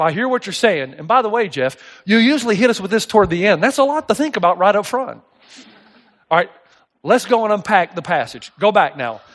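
A male pastor with a notably high voice delivers a sermon. He is middle-aged and tells his anecdotes with animation, dropping into the voices of the people he describes. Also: a bit bright.

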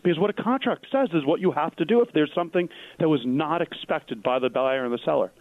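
A man's voice: a little high, quick pace, dry recording. Explaining man on a thin, phone-like line. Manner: explanatory, poses rhetorical questions. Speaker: radio co-host, real estate expert. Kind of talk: call-in radio advice.

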